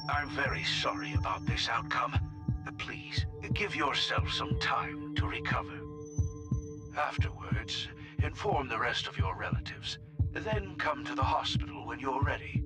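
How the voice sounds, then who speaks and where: Actor as a formal doctor on the phone, measured and polite, music clear behind. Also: male voice, a little high, flat delivery.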